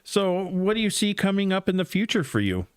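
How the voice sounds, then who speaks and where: A man's voice: high voice, very animated, a little fast, clean tone, no echo, studio quality. A man hosting a podcast, asking a guest questions in an eager, fan-like way. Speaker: podcast host. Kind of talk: casual interview.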